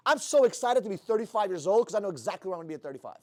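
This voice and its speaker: A man's voice: sits high, big pitch swings, very fast. A man in his thirties giving a blunt, profane, fired-up motivational talk. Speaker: motivational speaker.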